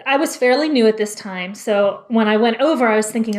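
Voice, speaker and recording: Her voice is fairly high and fairly quick as this woman in her thirties, a former labor and delivery nurse, tells a story on a podcast. She brings it to life by performing, in quotes, what she said at the time.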